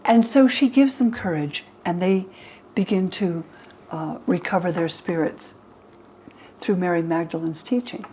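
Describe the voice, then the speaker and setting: In this poor-audio documentary interview with a little hiss or hum, an American religious historian in her eighties speaks in a fairly low pitch and at an unhurried pace. She's an animated storyteller who acts out the quotes.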